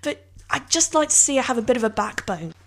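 Animated woman on a podcast. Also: on the high side, quick pace, gravelly, a little hiss or hum. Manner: animated, emphatic, self-mocking. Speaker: podcast co-host. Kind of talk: casual chat.

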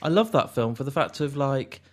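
A man co-hosting a casual podcast chat, animated and jokey. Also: medium pitch, moderate pace. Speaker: podcast co-host.

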